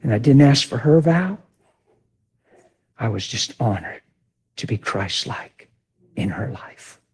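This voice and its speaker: A man preaching a testimony in animated storytelling, swinging from shouts to hushed near-whispers. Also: mid-range voice, slow pace, husky. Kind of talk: sermon testimony.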